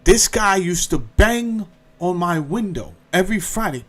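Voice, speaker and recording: A man's voice: high-pitched, unhurried. A man hosting a podcast, telling a comedic story with lots of profanity and acted-out quotes. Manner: profane, animated, acts out quotes. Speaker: podcast host.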